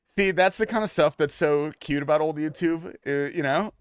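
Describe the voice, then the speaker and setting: This livestreamer has a clear, resonant voice that's a little high, and he speaks at a moderate pace. As he plays a video game and reads chat, he curses casually, trading quiet muttered asides for sudden excited outbursts.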